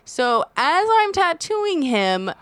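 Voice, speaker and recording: A woman's voice: high-pitched, sing-song, takes it slowly, no room sound. A young adult woman, a tattoo artist, telling a story in casual podcast chat, swearing freely and acting out her own reactions.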